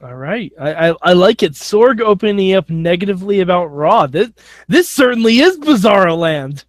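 A man's voice: sits high, very animated, moderate pace, dry recording. A man co-hosting a casual wrestling chat show, sardonic and joking. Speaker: podcast co-host.

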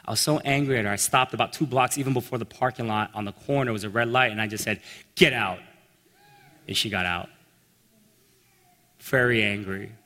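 A man telling a personal story in a sermon, animated and acting out the voices of the people in it. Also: fairly low pitch, fairly quick. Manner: animated storyteller, acts out quotes. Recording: long reverb in a large hall.

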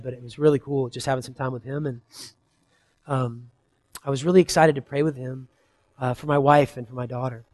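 A pastor in his thirties, with a mid-range voice, preaches a sermon in an earnest, conversational style. He swings between loud emphasis and soft, quiet asides.

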